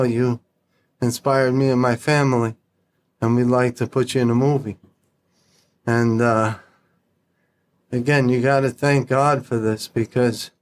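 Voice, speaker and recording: A man's voice: mid-range voice, a little hiss or hum. Blunt, profane storytelling man. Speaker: podcast guest. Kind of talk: casual storytelling.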